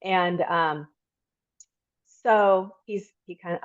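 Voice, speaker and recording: Middle-aged woman guest telling her story, lowish voice, dry and kinda muffled, lots of ums. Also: steady tone, no echo. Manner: reflective, halting with many ums. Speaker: podcast guest. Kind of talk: personal story in interview.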